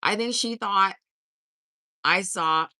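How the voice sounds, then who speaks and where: A woman's voice: mid-range voice, slow, bright, forceful tone, no room sound, clean studio sound. A woman in her fifties hosting a casual livestream, reading and answering viewer comments in a blunt, sassy way full of swearing. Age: 50s. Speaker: livestream host.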